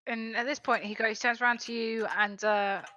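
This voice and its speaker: A woman running a tabletop game, narrating loosely and correcting herself along the way. Her voice is bright and a little high. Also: little pitch movement, moderate pace, highs cut off. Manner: rambling, self-correcting narration. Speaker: guest game master.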